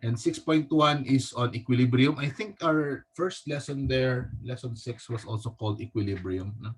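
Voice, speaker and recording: A male teacher with a Filipino accent giving a recorded physics lecture, halting often and tagging his sentences with a questioning "no?". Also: medium pitch, husky. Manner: halting, with frequent restarts.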